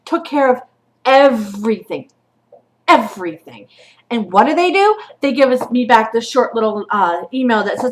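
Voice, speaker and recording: A woman with a young son vents casually, cursing freely and swinging from quiet asides to loud outbursts. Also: fairly high pitch. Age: adult with a child. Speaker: vlogger. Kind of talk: casual venting vlog.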